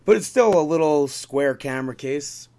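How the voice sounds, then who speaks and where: Animated man venting about a venue. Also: a little high, normal speed. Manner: animated, exasperated retelling with quoted dialogue. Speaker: podcast co-host. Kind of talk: casual chat, storytelling.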